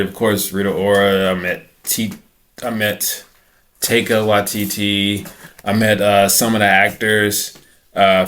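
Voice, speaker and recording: A young man hosting a podcast, telling a story casually and acting out other people's lines in a raised voice. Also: fairly low pitch. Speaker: podcast host.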